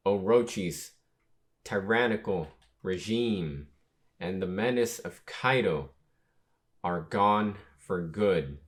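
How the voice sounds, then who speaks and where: A young ruler speaks in formal, measured tones, as a man reads his lines aloud. The voice is low and deep, and it moves at an unhurried pace. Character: young male ruler giving a solemn proclamation.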